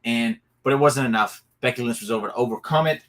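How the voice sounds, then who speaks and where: An excitable man hosting a casual wrestling recap, telling the matches in an animated way with plenty of asides. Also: medium pitch, fast. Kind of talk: casual solo recap talk.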